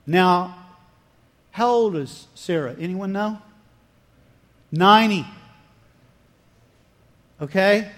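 High-voiced preacher in a reverberant hall. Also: male voice, very slow, long pauses, fairly bright tone. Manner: dramatic retelling, acting out dialogue, rising and falling emphasis. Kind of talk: sermon.

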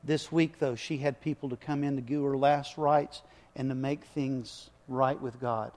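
A man preaching a sermon as pastor, animated, dropping to soft prayer and rising to loud acted-out stories. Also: mid-range voice, a little slow. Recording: long hall reverb.

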